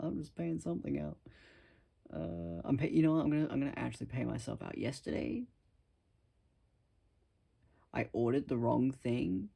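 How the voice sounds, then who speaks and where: Gravelly guy rambling to his camera at home, kinda husky, dark tone. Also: medium pitch. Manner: rambling, self-deprecating, musing. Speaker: vlogger. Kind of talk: casual talk to camera.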